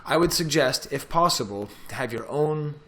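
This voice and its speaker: A middle-aged man, a professor, walking through a software tutorial in a casual, chatty way as he clicks through the steps. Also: on the high side, animated, normal speed. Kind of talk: screen-recorded tech tutorial.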